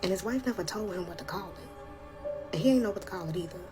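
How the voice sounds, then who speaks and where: A woman's voice: lowish voice, lively intonation, fast. Chatty woman storyteller, dips into whispers for the creepy bits, music playing under her. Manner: drops to hushed whispers at tense moments; colloquial, chatty. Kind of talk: casual spooky storytelling. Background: background music.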